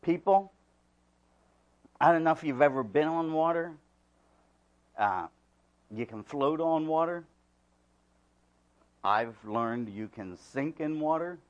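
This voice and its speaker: High, animated man preaching slowly. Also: muffled recording. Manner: swings from hushed asides to loud emphatic preaching; repeats key words for emphasis. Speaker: pastor. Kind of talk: sermon.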